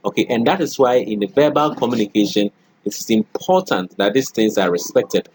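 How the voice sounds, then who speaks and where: A man's voice: fairly low pitch, a little fast, a little mellow, slightly rough. A middle-aged man lecturing a college class, often checking in with "okay" and "all right" and acting out spoken examples.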